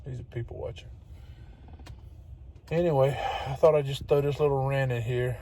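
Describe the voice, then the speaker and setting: A man's voice: medium pitch, steady tone, normal speed, dark tone, a little hiss or hum. A man talking casually to his phone camera as a truck-driving vlogger, chatty and exasperated, laughing often. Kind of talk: casual vlog rant. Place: truck cab and loading dock.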